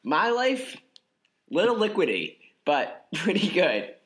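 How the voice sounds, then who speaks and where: A playful, goofy man co-hosting a comedy podcast, his pitch bouncing around a lot. He chats casually and riffs on small bits. His voice sits a little high for a man. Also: big pitch swings, slow, fairly bright tone. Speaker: podcast co-host.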